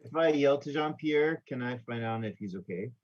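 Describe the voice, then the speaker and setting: A man's voice: mid-range voice, moderate pace, darkish tone, highs cut off. A man playing in a tabletop role-playing game, thinking aloud and working out his moves with some hesitation. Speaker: player.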